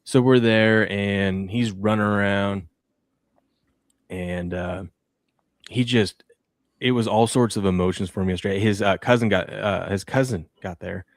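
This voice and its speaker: A man in his thirties hosting a casual talk show, telling animated stories about his kids. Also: fairly low pitch, a little slow, no room sound, clean studio sound. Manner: animated storyteller, acts out a toddler's shrieks. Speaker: podcast host. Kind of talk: casual chat.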